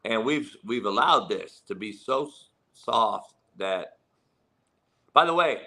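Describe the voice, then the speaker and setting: A man's voice: fairly low pitch, expressive, slow pace, pushed and bright. A middle-aged man hosting a sports talk show, blunt and profane, laughing often as he talks about coaching. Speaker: football coach and podcast host.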